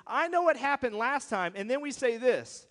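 High-voiced pastor preaching in a reverberant hall. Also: male voice, lively intonation, normal speed, fairly bright tone. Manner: conversational and emphatic, with repeated rhetorical questions. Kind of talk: sermon. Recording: long reverb of a church hall.

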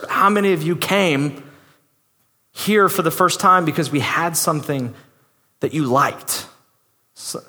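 Casual male pastor, high bright voice, acts out quotes, church-hall reverb. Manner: animated, conversational preaching with acted-out quotes. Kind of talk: sermon.

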